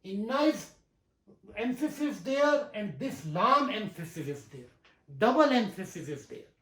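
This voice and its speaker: A teacher giving a grammar lesson, talking deliberately, repeating key terms and reciting verses slowly. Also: medium pitch, very animated, a bit bright. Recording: roomy echo.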